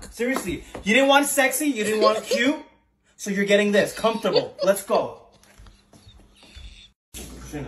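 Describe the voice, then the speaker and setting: A man playing a nagging, passive-aggressive young wife in a comedy sketch who keeps insisting she is not mad. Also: on the high side. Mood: fussy. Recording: echoey room, distant mic, background noise.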